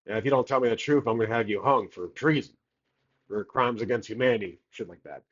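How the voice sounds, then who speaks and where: A man's voice: on the low side, fast talker, highs cut off, lightly acted. A man voicing a suspicious, blunt male guard captain with a Southern accent, talking in a drawling, menacing way. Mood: threatening. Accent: American Southern.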